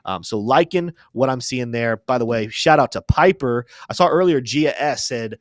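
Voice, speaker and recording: On a live crypto stream, a young host talks through charts in loose, chatty market commentary, regularly cracking self-deprecating jokes. His middle-range voice is expressive at a moderate pace, and the recording is dry with no room sound.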